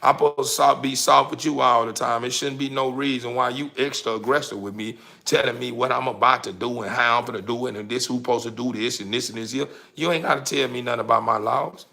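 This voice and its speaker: A man's voice: mid-range voice, fairly even intonation, fast, creaky, few pauses, pushed and bright. A man, delivering a heated, preachy monologue to his audience. He curses freely and stumbles over repeated words. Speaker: vlogger. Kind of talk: casual monologue.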